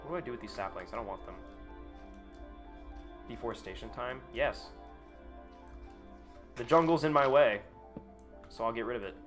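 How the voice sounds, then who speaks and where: A man's voice: mid-range voice, moderate pace, long pauses, over music. A man talking casually to his chat on a live gaming stream, rambling, sarcastic and freely profane.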